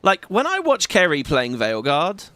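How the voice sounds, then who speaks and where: A man's voice: a little high, wildly swooping pitch, unhurried, bright, forceful tone. A British man in his thirties chatting casually and rambling while playing a video game. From Britain. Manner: chatty, rambling, swears, many restarts. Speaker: gaming YouTuber. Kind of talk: casual gameplay commentary.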